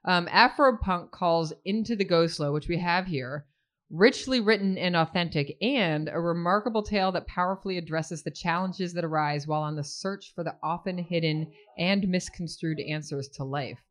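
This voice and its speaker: A woman's voice: fairly low pitch, moderate pace. A woman hosting a live reading series, introducing the night's author with playful asides. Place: live reading event indoors.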